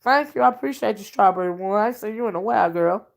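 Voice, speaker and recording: Speaking fast in a gravelly, medium-pitched voice, a woman chats on a livestream from home while fixing dinner. The self-styled oracle reads out viewer comments, calls listeners honey and child, and thanks viewers by name in a folksy way.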